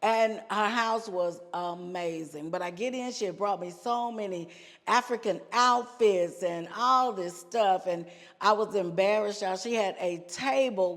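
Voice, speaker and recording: A woman guest telling personal stories in an animated way, laughing often and addressing listeners as "y'all". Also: medium pitch. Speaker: podcast guest. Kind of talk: personal storytelling. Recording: long hall reverb.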